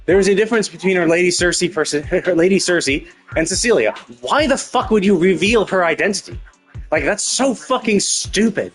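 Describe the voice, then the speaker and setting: Male streamer, fed-up profane rant, fairly high voice, faint game music behind. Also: animated, brisk, slightly rough. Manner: profane, exasperated ranting. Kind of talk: live gameplay commentary.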